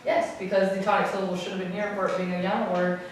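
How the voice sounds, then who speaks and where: A woman's voice: medium pitch, flat delivery, fast. A woman teaching a classroom lesson, patiently repeating her questions and stretching out words to show where the stress falls. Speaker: Spanish teacher. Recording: echoey classroom, taped from a distance, noisy.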